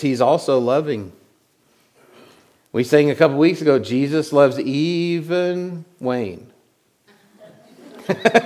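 A man preaching a sermon in a conversational way, often repeating words and swinging from loud lines to hushed ones. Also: on the high side. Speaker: pastor.

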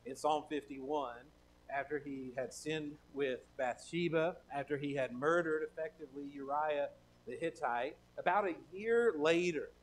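Pastor, emphatic and repetitive. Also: male voice, fairly high pitch, measured pace, slight background noise, rough recording. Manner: emphatic, repeats key phrases, many restarts. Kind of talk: sermon.

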